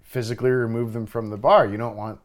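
This young man behind the bar narrates in a relaxed, anecdotal manner, cursing often and getting boisterous whenever he performs his own dialogue. He talks fast in an ordinary mid-range voice.

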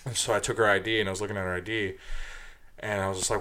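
A man's voice: on the low side, level tone, quick pace, pushed and bright, slight background noise. A man casually telling a long story from his nightlife job, profane and rambling, full of fillers, getting heated as he retells it.

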